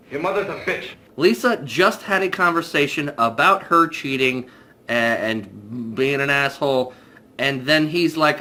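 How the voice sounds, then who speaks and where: Young man, bright higher voice, casual animated movie reviewer. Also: normal speed. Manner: animated, mock voices for characters.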